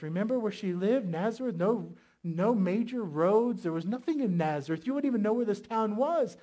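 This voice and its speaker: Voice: mid-range voice, lively intonation, moderate pace, few pauses, warm tone. A pastor preaching a sermon with emphatic delivery, asking the congregation rhetorical questions.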